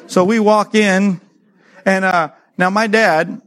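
A middle-aged man preaching, telling a childhood story with lively acted-out voices. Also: sits high, slow. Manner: animated storyteller, acts out voices, laughs often. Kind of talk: sermon with a personal story.

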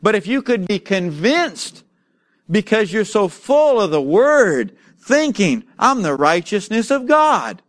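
A man with a rather high voice preaches a sermon with strong emphasis. He often asks the congregation to respond and slows down when reading scripture aloud. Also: very animated.

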